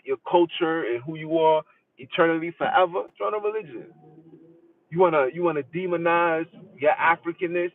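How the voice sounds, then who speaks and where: A man with a fairly high voice delivers an emphatic, repetitive live-stream monologue as a podcast host. He sounds tinny and phone-like, a little away from the mic. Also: recorded from a distance. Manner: emphatic, preachy, repeats phrases.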